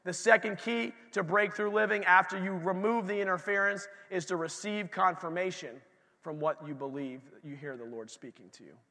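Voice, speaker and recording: Bright-voiced man preaching in a church. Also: sits high, fairly even intonation, moderate pace. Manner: conversational, storytelling with asides to the congregation. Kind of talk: sermon. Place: church sanctuary. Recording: long reverb of a church hall.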